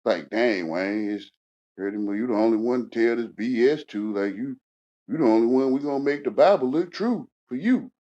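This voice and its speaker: A man's voice: mid-range voice, expressive, moderate pace. Ranting man with dull lo-fi sound. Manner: repetitive, confrontational, swings from shouting to muttering. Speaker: panel speaker. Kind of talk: heated casual rant.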